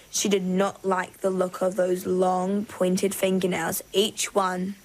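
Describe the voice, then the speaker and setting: A woman narrates a children's storybook. Her reading is expressive. Her pitch sits in a middle range. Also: rough recording.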